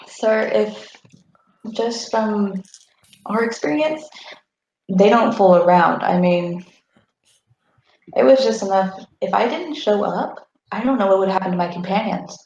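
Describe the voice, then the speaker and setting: A woman playing a gravelly-voiced wry elf traveler. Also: mid-range voice, expressive, unhurried, pauses often, a little mellow, slight background noise. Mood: earnest. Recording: echoey room, muffled mic.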